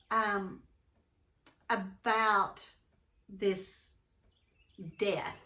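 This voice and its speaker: A woman's voice: a little high, pushed and bright, roomy sound. A woman teacher, recording a lesson at home, talking thoughtfully with many ums. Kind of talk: recorded class lesson, reading and discussion.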